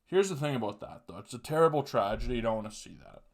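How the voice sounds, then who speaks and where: Young dude podcasting, cursing constantly, blunt and mocking, regular mid voice. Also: male voice, mid-range voice, lively intonation, fast. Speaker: podcast host. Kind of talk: casual monologue.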